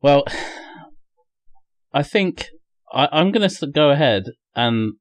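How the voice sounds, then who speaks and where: A man's voice: fairly high pitch, animated, takes it slowly, no room sound. Joking, swearing guy. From Canada. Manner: joking, crude, swears freely. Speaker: podcast guest. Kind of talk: casual chat.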